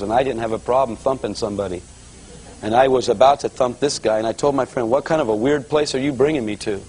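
A man preaching to a church audience, telling his conversion story in a lively storytelling manner and acting out the voices of others. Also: medium pitch, slight background noise, rough recording. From Los Angeles area. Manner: animated storyteller, voices quotes, rising excitement. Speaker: guest preacher giving testimony. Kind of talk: sermon testimony storytelling.

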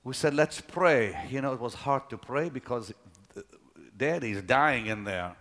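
Dramatic preacher man, hushed to shouting. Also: mid-range voice, lively intonation, moderate pace. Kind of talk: sermon storytelling.

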